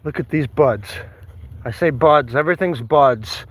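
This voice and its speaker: On a trail outdoors, a man walks his dogs while casually livestreaming, rambling, talking to the dogs and breaking into song. His voice is fairly high and his pace measured, and the recording quality is low.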